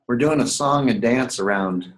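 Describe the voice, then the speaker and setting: A man's voice: mid-range voice, normal speed, poor audio. A man teaching a writing seminar class live, emphatic and repetitive, often asking the students whether they follow. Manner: emphatic, repeats key points, asks the class questions.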